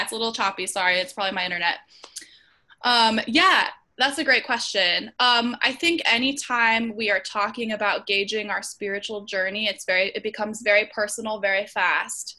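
A woman's voice: fairly high pitch, normal speed, pushed and bright. A woman hosting an online Bible study over a video call, speaking earnestly with frequent ums and restarts. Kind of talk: casual group discussion.

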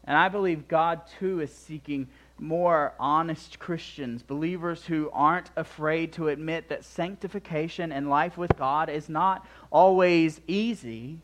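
Slow emphatic young male preacher. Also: on the high side, steady tone. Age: young adult. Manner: emphatic, swinging between loud declarations and quiet asides. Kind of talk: sermon.

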